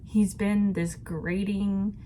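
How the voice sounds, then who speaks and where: A woman's voice: medium pitch, level tone, slow, dark tone, slight background noise. A woman vlogging about a book she is reading, in a chatty, reflective way. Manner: chatty and reflective, laughs often. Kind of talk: casual book discussion.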